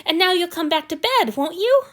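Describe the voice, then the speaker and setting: A woman voicing a devoted young male human servant in a storybook reading, with a high, eager and apologetic voice. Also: lively intonation, normal speed, a bit bright.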